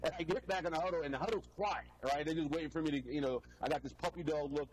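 A man who played pro football, a guest telling stories in an animated, loose way with frequent restarts. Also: fairly high pitch, fast, slight background noise, low-quality recording. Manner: animated storyteller, many restarts. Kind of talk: casual storytelling interview.

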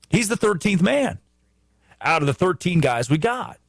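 A man hosting a sports talk show, giving animated commentary with emphatic restarts and repetition. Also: high-pitched, moderate pace, creaky, husky, no echo.

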